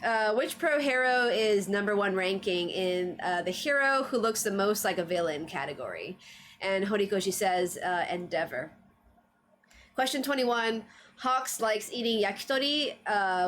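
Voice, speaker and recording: A woman's voice: medium pitch, animated, normal speed, fairly bright tone. A woman streamer chatting casually on a livestream, full of fillers and frequent laughs. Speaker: streamer reviewing anime trivia.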